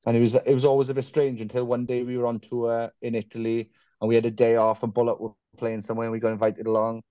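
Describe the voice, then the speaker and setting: A musician guest rambles through self-deprecating stories in a casual interview, swearing now and then. His medium-pitched voice is mellow, dark and monotone, and he talks fast. The close, dry recording sounds a little muffled.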